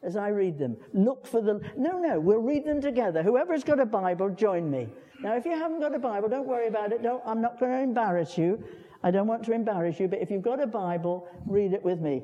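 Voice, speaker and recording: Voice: mid-range voice, lively intonation, a little fast, mellow, highs cut off. An older preacher gives a chatty sermon, repeating words and putting questions to the congregation. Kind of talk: conversational sermon. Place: church. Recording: long church reverb.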